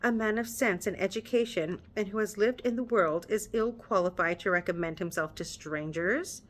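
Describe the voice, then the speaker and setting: A woman's voice: medium pitch, normal speed, close to an everyday voice. A woman reading as Elizabeth, an arch young lady. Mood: playful, teasing. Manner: arch and playful, reading period dialogue. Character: witty, teasing young woman of a country gentry family.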